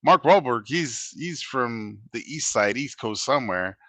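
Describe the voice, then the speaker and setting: A man's voice: mid-range voice, lively intonation, measured pace, pushed and bright, no room sound. A man co-hosting a casual movie review show, agreeable and chiming in with short replies. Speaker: podcast co-host.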